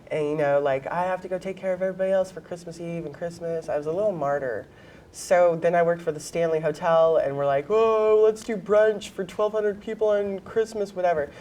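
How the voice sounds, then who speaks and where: Low-voiced woman guest, blunt and emphatic, telling her story in an interview. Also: a little mellow, a little hiss or hum.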